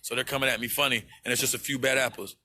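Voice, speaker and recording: A man's voice: medium pitch, fairly even intonation, racing, pushed and bright. A man on a livestream, speaking to his viewers in an impassioned, profane rant and repeating himself for emphasis.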